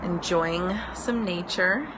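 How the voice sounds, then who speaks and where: A woman's voice: lowish voice, slow. A woman in her thirties, a business mentor, chatting casually on a live stream from her porch, rambling with lots of ums and easy laughs. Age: 30s. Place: outdoor porch. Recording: outdoor porch with road noise. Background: road noise.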